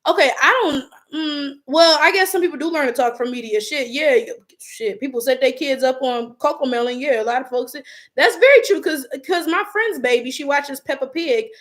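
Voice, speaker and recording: Reading viewer comments on a casual YouTube livestream, a young Detroit woman speaks bluntly and profanely with an African American Vernacular English accent. Her voice is high and a bit bright, at a moderate pace.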